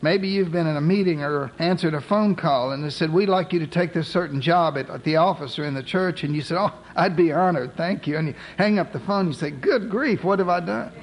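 A man's voice: a little high, brisk, hardly any pauses, rough recording. A man preaching a sermon, retelling a scripture story with humorous modern asides.

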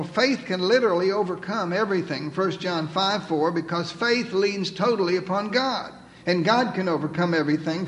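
High-voiced preaching man in a reverberant hall. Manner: emphatic preaching, quoting scripture, dropping to soft pleading. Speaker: pastor. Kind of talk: sermon. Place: church sanctuary.

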